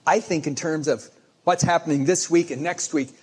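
Man, pastor giving a casual storytelling sermon, husky, slightly higher voice. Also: steady tone, moderate pace, a little mellow. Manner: conversational storytelling preaching with restarts.

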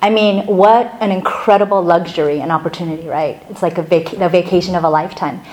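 A middle-aged woman pastor opening a sermon with a chatty, animated personal story, laughing now and then. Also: lowish voice, brisk, rough recording.

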